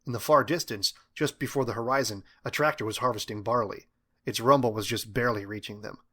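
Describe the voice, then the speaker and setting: A man narrates a story in a steady, even storytelling delivery. His tone is bright and forward. He reads at a measured pace. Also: medium pitch. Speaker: audiobook narrator.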